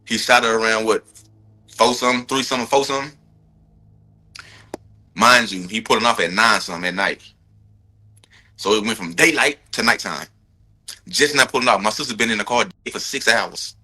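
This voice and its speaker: Husky, bright-voiced man retelling heatedly. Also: on the low side, moderate pace, long pauses. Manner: emphatic, profane, repeats for stress. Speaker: brother of a victim giving a court update.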